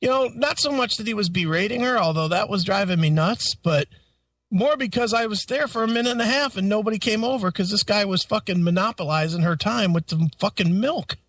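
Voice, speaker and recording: A radio co-host with a high voice tells a story a little fast, his mic distant but the room free of echo. He's animated and profane, swearing constantly in a casual way and laughing as he talks.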